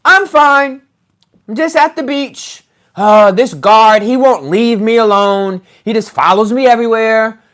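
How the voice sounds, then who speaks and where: A man's voice: sits high, unhurried, fairly bright tone, voice pushed up. A man voicing a chatty past-life woman persona in a breezy, sing-song way.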